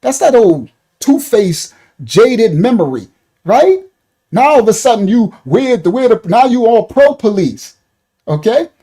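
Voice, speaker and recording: A man talking through a livestream in a lively, swooping voice with a mellow, relaxed tone. He rambles in a repetitive, conversational way and calls out his chat viewers by name. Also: extremely high pitch, measured pace. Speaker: online commentator. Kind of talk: livestream commentary.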